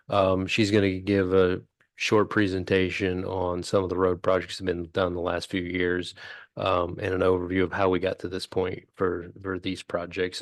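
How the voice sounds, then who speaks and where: A man's voice: low-pitched, no echo. A man, a city official, adding informal background remarks at a council meeting. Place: council chamber.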